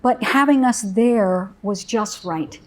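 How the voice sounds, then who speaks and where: Soothing woman speaker for a parent talk, calm and warm-paced storytelling. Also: medium pitch. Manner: gentle, soothing storyteller with soft pauses. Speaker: parent educator.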